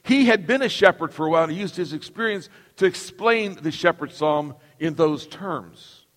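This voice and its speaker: Preaching with emphasis, a middle-aged man leads his congregation in repeating lines back to him. He speaks in a fairly high, fairly bright voice at a moderate pace, and a large hall's long reverb surrounds him.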